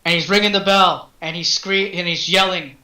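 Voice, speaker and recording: Man as game master, fairly high, bright voice, halting narration, roomy echo. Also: steady tone. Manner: loose, halting narration with restarts.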